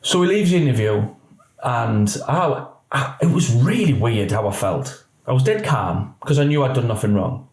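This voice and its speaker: A man in his forties, once a police officer, tells his story in a frank podcast interview. He speaks at a medium pitch and slips into the voices of the people he quotes. The room around him rings with a noticeable echo. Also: moderate pace. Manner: animated storyteller acting out quoted dialogue. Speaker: guest, former police officer.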